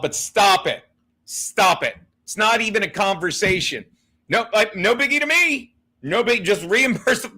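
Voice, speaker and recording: A male livestream host chats with a guest and his viewers in a brash, profane style, laughing as he busts balls. His voice sits high for a man and has a bright, forceful edge. He talks into a desk mic. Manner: brash, profane, laughing, ball-busting banter. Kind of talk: casual livestream chat.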